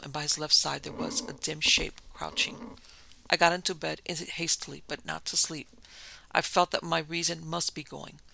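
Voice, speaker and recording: A man narrates a gothic tale in a measured, somber voice. His tone is deeply gravelly and sharp, pitched a little high. He keeps an even, flat delivery throughout. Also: rough recording. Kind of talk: audiobook narration of a gothic story.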